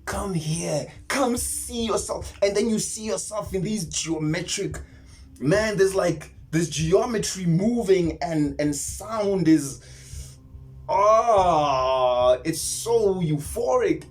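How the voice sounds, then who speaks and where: Man rambling through a vivid story. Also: high voice. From South Africa. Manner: rambling, animated retelling with whispered asides and many restarts. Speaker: spiritual vlogger. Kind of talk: casual storytelling monologue.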